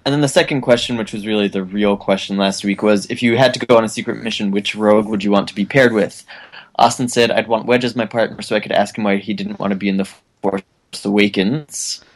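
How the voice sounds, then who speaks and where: A man's voice: fairly low pitch, fairly even intonation, quick pace. A man co-hosting a podcast, reading listener answers aloud with a ready laugh in casual chat. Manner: laughs often, amused. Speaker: podcast co-host.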